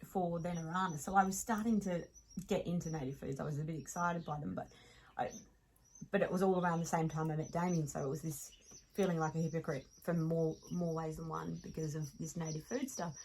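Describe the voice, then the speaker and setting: A woman with an Australian accent, a podcast guest telling stories in casual chat, animated, laughing often and restarting sentences. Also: deep voice, brisk, a little hiss or hum, poor audio.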